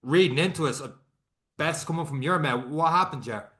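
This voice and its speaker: A man's voice: fairly high pitch, a little fast, fairly bright tone. A man hosting a podcast, asking his guest about an event in a conversational, slightly hesitant way. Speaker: podcast host. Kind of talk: interview questioning.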